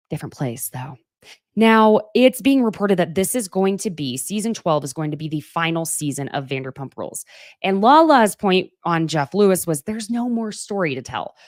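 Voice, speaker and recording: Recorded cleanly in a studio with no echo, this gossip show host has a fairly low voice. She's in her thirties and keeps her live chat casual and talkative, tossing out pet names and jokes at her own expense.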